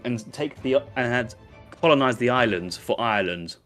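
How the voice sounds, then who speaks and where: A man casting a live esports match, breaking down plays analytically with quick restarts. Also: mid-range voice, animated, fairly bright tone, faint music behind. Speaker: esports caster. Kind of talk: live game commentary.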